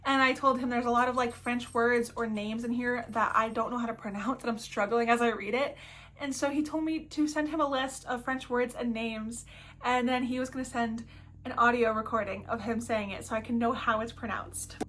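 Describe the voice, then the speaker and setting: A young American woman book vlogger chatting casually, excited and rambling. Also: a little high, moderate pace. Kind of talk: casual chat.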